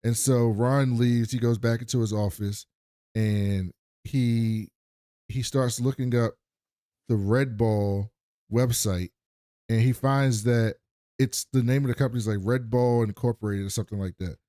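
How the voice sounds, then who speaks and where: A man co-hosting a casual recap podcast, walking through the plot scene by scene. His pitch sits in the middle for a man, and he talks close to the mic in a dry room with no echo. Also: steady tone, a little slow, warm tone. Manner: retells scenes with quoted voices, trailing and restarting. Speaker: podcast co-host.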